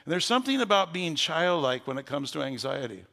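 An older man, a pastor with a gravelly voice, preaching a sermon with folksy stories that rise into fervent preaching. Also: on the high side, big pitch swings, fairly quick, sharp tone, long reverb tail.

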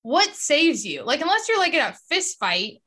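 A woman co-hosting a casual podcast talks in a high, bright voice. She rambles in long turns and acts out what people said in her stories. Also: big pitch swings, moderate pace. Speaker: podcast co-host. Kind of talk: casual chat.

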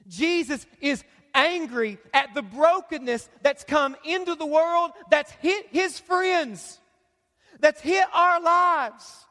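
A man preaching a sermon as pastor, emphatic and repetitive, building up to shouts. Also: extremely high pitch. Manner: emphatic preaching, repeats phrases, rises to shouts. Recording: long reverb of a large hall.

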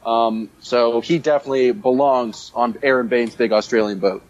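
A man's voice: medium pitch, fairly even intonation, moderate pace. A man co-hosting a casual sports podcast, talking with enthusiasm and rambling through fillers. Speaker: podcast co-host. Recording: dull, dry lo-fi sound.

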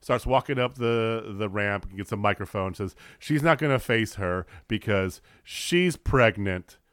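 A man co-hosting a casual wrestling podcast, animated and joking, with frequent swearing. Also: on the low side, measured pace, dry recording, studio quality. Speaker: podcast co-host.

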